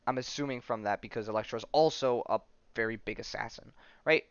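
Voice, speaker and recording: A man's voice: mid-range voice, brisk, clear, resonant tone, no room sound, muffled recording. A man hosting a podcast, casually recapping a comic book in a rambling way, full of fillers and asides. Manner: rambling, heavy on fillers and "right?". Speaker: podcast host.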